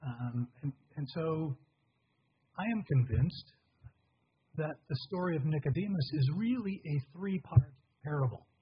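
An older pastor preaching a sermon in a halting, conversational way. His voice is husky and breathy, and the recording sounds dull and lo-fi. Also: fairly high pitch, lively intonation.

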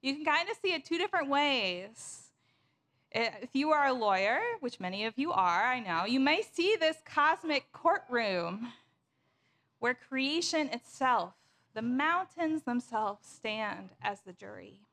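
A woman pastor preaching a sermon in a measured, storytelling way. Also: high voice, sing-song, fairly bright tone.

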